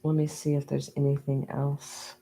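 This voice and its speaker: A woman giving a channeled tarot reading, talking slowly and meandering with many ums and restarts. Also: a bass voice, monotone, mellow, low-quality recording. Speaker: tarot reader. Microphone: USB microphone.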